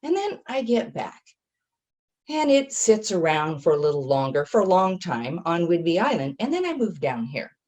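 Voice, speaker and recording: Low-pitched woman, lively swooping delivery, chatty self-deprecating author telling her story. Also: moderate pace. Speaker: author giving a talk. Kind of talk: casual storytelling talk.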